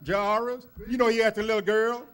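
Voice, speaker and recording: Male minister preaching, high-pitched, folksy storytelling. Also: flat delivery, brisk, a bit bright, clean tone. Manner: preaching with rising call-and-response emphasis; folksy storytelling with many uh fillers. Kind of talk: sermon. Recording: church service recording.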